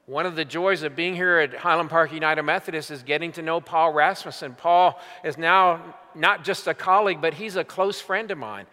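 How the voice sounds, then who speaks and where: An older man preaching a sermon as pastor, telling stories emphatically and slowing down for weight. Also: a little high, sharp tone. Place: large church sanctuary. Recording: long hall reverb.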